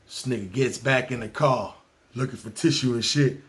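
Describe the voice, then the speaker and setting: A man from New telling a story on his podcast, lively and full of slang and profanity. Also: medium pitch, normal speed. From New York. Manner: animated, profane, slangy, talks to listeners. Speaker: podcast host. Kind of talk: storytelling monologue.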